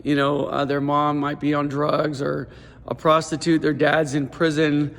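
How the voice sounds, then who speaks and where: A man who runs a teen center, giving an audition pitch and telling stand-up stories in a casual, animated way, saying "dude" and "like" a lot. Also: a little slow, creaky. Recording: long reverberant hall sound.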